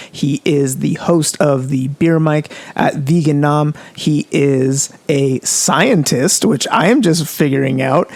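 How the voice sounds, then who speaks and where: A man's voice: a little high, no room sound. A man hosting a podcast in a casual interview chat, enthusiastic and rambling. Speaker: podcast host.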